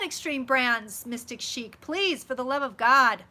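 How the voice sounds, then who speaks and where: Animated yet unhurried, the young woman's high voice comes across pushed and bright. She's a psychic vlogger chatting live from home, effusive and foul-mouthed as she goes through comments from viewers.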